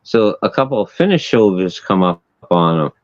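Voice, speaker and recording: A man's voice: low voice, very animated, moderate pace, no echo. A man hosting a casual chat, telling a wild story with lots of swearing and laughing at his own punchlines. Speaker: host. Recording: dull lo-fi sound, dry.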